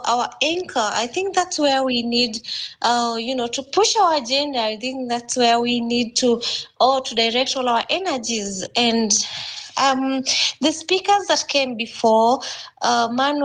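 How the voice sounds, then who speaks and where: A woman's voice: sits high, fairly bright tone, low-quality recording. A young woman with a Kenyan accent speaking with emotion and urgency in a live audio chat room, often repeating words as she searches for them.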